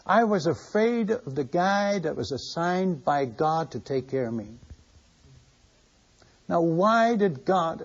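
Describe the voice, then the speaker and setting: With a fairly high, husky voice, an older man who is a missionary preacher tells stories chuckling, in a folksy, conversational sermon style. The sermon recording is dull and lo-fi.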